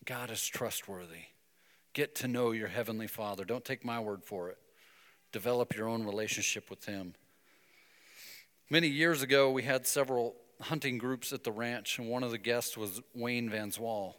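A man preaching a sermon, telling a story and breaking into emphatic, animated bursts. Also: medium pitch, normal speed, big-room sound. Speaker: pastor.

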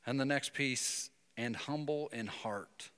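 Man, pastor preaching, storytelling with emphatic bursts, mid pitch, long hall reverb. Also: slow pace, fairly bright tone, clean tone. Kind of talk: sermon.

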